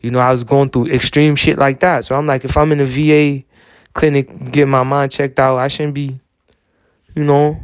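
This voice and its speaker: A man's voice: mid-range voice, level tone, normal speed, no echo, clean studio sound. A young man rambling through a personal monologue as podcast host, swearing often and repeating filler phrases. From United States.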